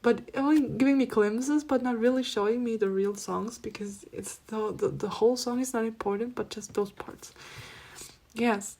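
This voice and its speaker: A woman giving a pick-a-card spiritual reading, speaking softly and often dropping to a near-whisper, then breaking into laughs. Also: a little high, normal speed. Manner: soft-spoken, drifting between near-whispers and laughing outbursts. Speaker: tarot reader.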